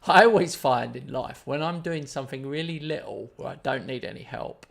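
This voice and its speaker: A man's voice: mid-range voice, moderate pace, vocal fry. A man telling a story in casual chat on his live stream, rambling and self-deprecating.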